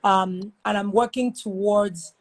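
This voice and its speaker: A woman with a Nigerian accent, chatting as an interview guest and telling lively stories with quick asides. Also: mid-range voice, crowd noise. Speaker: guest, show host. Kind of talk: casual interview chat.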